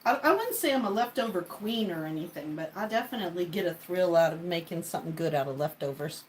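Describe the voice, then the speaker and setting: A woman's voice: fairly low pitch, animated, fast talker, a little mellow, a little hiss or hum, poor audio. A woman hosting a casual live-stream cooking chat in her home kitchen, rambling as she talks to viewers and to her ingredients. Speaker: cooking livestream host.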